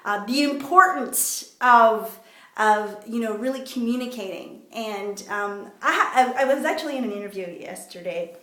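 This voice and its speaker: A woman's voice: fairly high pitch, lively intonation, moderate pace, a bit bright, reverberant. A woman vlogger from Canada, telling a story to camera in a chatty, rambling way with many fillers. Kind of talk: casual motivational talk to camera.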